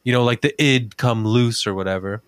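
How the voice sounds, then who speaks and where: A man's voice: medium pitch, normal speed, a bit bright, clear, resonant tone, dry recording. A man co-hosting a casual talk podcast, telling a story in a chatty way, swearing freely and filling with "like". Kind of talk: casual chat.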